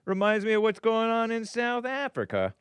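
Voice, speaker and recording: A man's voice: high voice, very animated, normal speed, fairly bright tone, clean tone, no room sound. A man hosting a rambling commentary show, talking casually with a wry, sarcastic edge. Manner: laughs at his own remarks. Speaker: host.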